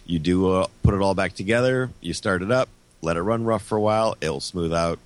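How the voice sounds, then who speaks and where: A man's voice: low-pitched, a little fast. A man who is a car repair guest on a podcast, explaining a fix step by step in casual chat.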